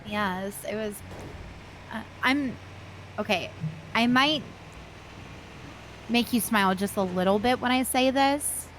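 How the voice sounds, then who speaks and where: A woman's voice: fairly high pitch, slow pace, long pauses, fairly bright tone, a little hiss or hum. A woman playing a doctor in a roleplay game, bantering playfully and teasing in a flirty way.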